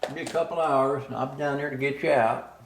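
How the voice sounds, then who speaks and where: A man voicing an amused, teasing woman landlady in a high, chirpy put-on voice. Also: steady tone, brisk, slight background noise, lightly acted. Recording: roomy echo.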